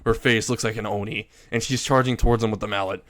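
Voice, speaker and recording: A man's voice: lowish voice, fairly even intonation, fast talker, a bit bright. A man casually retelling a fan story, narrating in a rambling way with chuckles.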